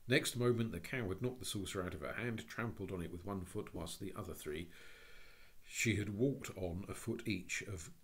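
A man narrating a classic children's story with expressive, lively storytelling. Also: low-pitched, moderate pace. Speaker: audiobook reader.

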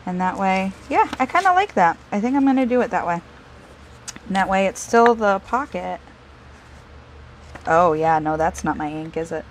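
Woman, craft vlogger, lower voice, rambling and self-deprecating, thinks out loud as she works. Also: slight background noise, rough recording. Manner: chatty, self-deprecating, talks to herself while working. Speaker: craft video host. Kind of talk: casual crafting tutorial.

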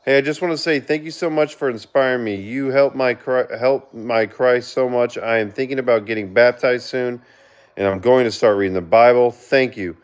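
Reading his viewers' chat messages aloud, a livestreaming man gives brief shout-outs in a casual setting. His voice sits in the mid range, and his earnest manner breaks into sudden excited outbursts.

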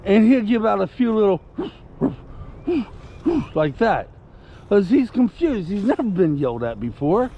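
A man's voice: high voice, sing-song, a little slow, pauses often, dark tone, muffled recording. A man telling a story casually to camera, indignant and rambling, breaking off to give commands to his puppy. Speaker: vlogger.

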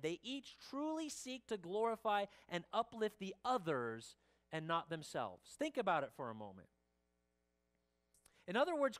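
Pastor preaching in church, measured delivery, voice sinking low at phrase ends, mid-range pitch. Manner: slow and emphatic, drops the voice low at phrase ends; asks the congregation direct questions. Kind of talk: sermon.

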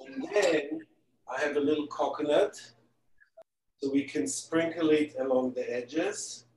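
Live online from his home kitchen, a male celebrity chef demos a cake, chatty and dropping joking asides while he works. His voice is on the high side, a little mellow, at a measured pace, picked up by a distant mic in an echoey kitchen with slight background noise.

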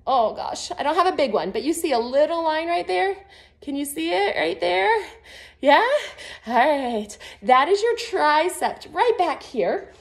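A high-voiced woman in her thirties leads a low-impact arm workout, upbeat and encouraging as she counts through the reps. She sounds a little out of breath. Her voice rings in the echo of a home garage. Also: lively intonation, a little slow, creaky. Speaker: fitness instructor. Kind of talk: guided workout instruction. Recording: echoey garage.

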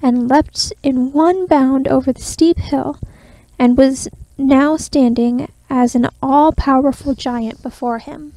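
High-voiced lady doing soft asmr storytime, gentle and measured, mellow and dry close sound. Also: fairly even intonation, no room sound, poor audio. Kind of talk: soft ASMR fairy-tale reading.

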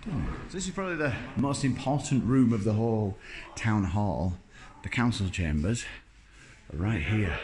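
A man's voice: on the low side, animated, moderate pace, darkish tone, a little hiss or hum, poor audio. A man, chatting wryly and self-mockingly as he films a walk-through tour. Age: 30s. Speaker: vlogger touring a building. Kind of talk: casual walk-through commentary. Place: large empty indoor building.

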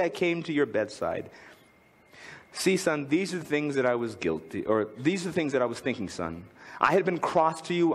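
A man preaching a sermon as pastor, telling a family story and reading a poem aloud with big swings in tone. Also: in a large hall. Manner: lively, swings from high to low when reading aloud. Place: church.

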